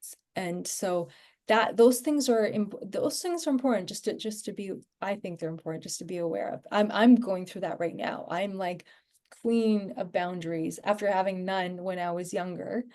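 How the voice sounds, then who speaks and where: A woman's voice: mid-range voice, normal speed, darkish tone. A woman talking as a podcast guest in a casual, rambling way, full of fillers and restarts. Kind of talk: casual conversational podcast chat.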